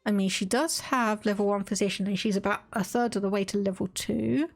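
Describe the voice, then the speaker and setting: A woman's voice: medium pitch, fairly even intonation, fairly quick, gravelly. A woman with an Estuary English accent from England, chatting casually and laughing as she streams a strategy game and reads game text aloud. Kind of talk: casual live-stream gameplay commentary.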